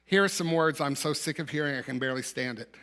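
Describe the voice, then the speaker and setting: Bright-voiced man preaching a conversational sermon. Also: a little high, quick pace. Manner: conversational storytelling, rhetorical questions, occasional laughs. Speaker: minister. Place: church sanctuary.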